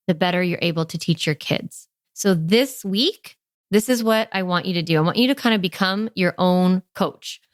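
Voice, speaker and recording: A woman's voice: fairly low pitch, no echo, clean studio sound. A middle-aged woman hosting a parenting podcast, talking in an earnest, conversational way with frequent "like" fillers. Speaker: parenting coach and podcast host. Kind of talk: casual podcast monologue.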